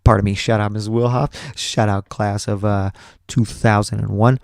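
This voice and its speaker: A man's voice: lowish voice, flat delivery, normal speed, gravelly, a little mellow, no echo, studio quality. A man in his thirties hosting a podcast, telling a rambling, profane story with frequent restarts. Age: 30s. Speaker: podcast host. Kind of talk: casual storytelling.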